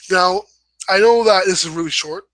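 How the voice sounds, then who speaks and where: A man's voice: high-pitched, normal speed, fairly bright tone, dry recording, rough recording. A young man giving a casual writing lesson, rambling a bit and correcting himself as he goes. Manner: rambling, self-correcting, apologetic asides. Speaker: host. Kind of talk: casual instructional talk.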